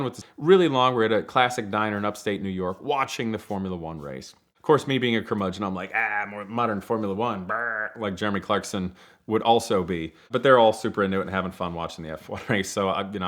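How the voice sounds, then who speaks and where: A man casually telling a long personal story, animated, acting out other people's lines and laughing often. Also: on the low side. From Ohio, United States. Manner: animated, acts out quoted voices, laughs often. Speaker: storyteller, program leader.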